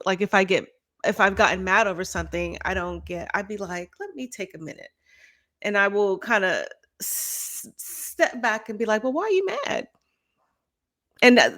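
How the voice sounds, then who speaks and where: A woman's voice: mid-range voice, bright, forceful tone. A woman co-hosting a podcast in candid casual chat, laughing often, swearing freely and acting out her own angry outbursts. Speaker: podcast co-host.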